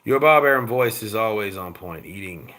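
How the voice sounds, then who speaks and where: A man hosting a casual boxing show, reading viewer comments aloud and swearing freely as he jumps between loud outbursts and low mutters. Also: expressive, moderate pace. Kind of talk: casual live-chat commentary.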